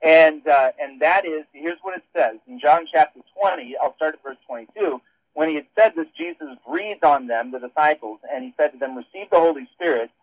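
A man's voice: a little high, lively intonation, a little fast, dry recording. A man on a radio show explaining theology in a rambling way, with frequent restarts. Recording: dull phone-line sound.

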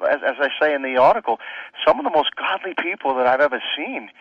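A man's voice: a little high, expressive, fast, no echo, dull audio. A man, a pastor appearing as a guest on a radio talk show, speaking earnestly and casually, with frequent fillers and restarts. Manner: earnest, many "you know" fillers and restarts.

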